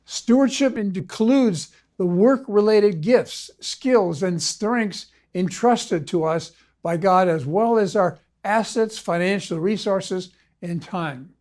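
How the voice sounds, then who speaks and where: A man, a ministry consultant, reading a scripted video lecture in a measured, formal way. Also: high-pitched, darkish tone. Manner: measured, formal read-aloud delivery. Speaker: ministry consultant and course instructor.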